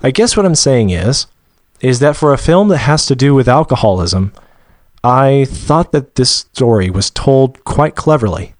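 A man from Georgia co-hosting a podcast, talking through a movie review in a measured way and searching for words as he goes. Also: mid-range voice, expressive, darkish tone, no echo, studio quality. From Georgia, USA. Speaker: podcast co-host. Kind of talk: casual movie review discussion.

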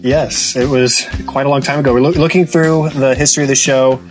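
A man's voice: medium pitch, steady tone, a little fast, over music. A man back as a co-host on a casual movie podcast, friendly and easygoing.

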